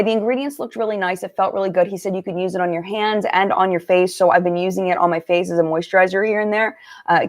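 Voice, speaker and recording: A woman hosting a casual live-stream chat, greeting viewers one by one and talking about makeup products. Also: on the low side. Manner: chatty, warm greetings to viewers, many fillers. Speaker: beauty channel host.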